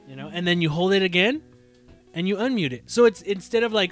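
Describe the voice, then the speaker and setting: A man with a fairly high voice hosts a casual gaming chat. He talks loosely, swears freely and acts out small back-and-forths. Faint music plays underneath. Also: fairly quick. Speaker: podcast host.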